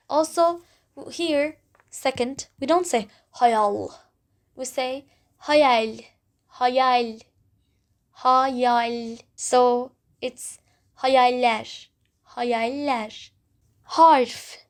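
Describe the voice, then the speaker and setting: High, slow female teacher, patient and repetitive, walking beginners through pronunciation. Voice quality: non-native English, simple phrasing with small grammar slips. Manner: patient, repeats words several times, drawn-out pronunciation examples. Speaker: Turkish language teacher. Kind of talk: slow explanatory language lesson.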